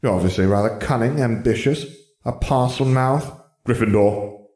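A man's voice: medium pitch, normal speed, darkish tone, echoey room, voice pushed up, close to an everyday voice. A man voicing an old, sly magical talking hat with a musing, teasing manner.

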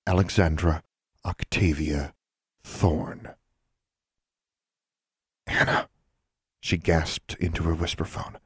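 A man narrating an audiobook in an even, measured storytelling manner. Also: deep voice, no echo, clean studio sound.

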